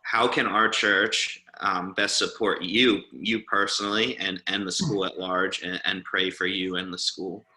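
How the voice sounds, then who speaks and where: A man interviewing for a church, gentle and reassuring, with a few fillers. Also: sits low, steady tone, measured pace, few pauses, rough recording. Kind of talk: casual interview.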